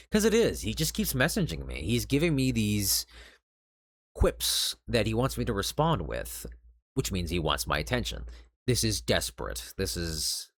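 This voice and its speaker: Deep-voiced man, scornful and lively. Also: no echo. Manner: sarcastic, lecturing, scornful; sighs in exasperation. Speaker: streamer reviewing an online argument. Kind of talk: casual commentary reading out messages.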